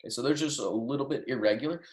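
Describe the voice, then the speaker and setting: A man's voice: medium pitch, very fast, a little mellow. A man, a Spanish teacher, giving a recorded lecture and walking through verb endings, often checking in with "right?" and "okay?". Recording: echoey room.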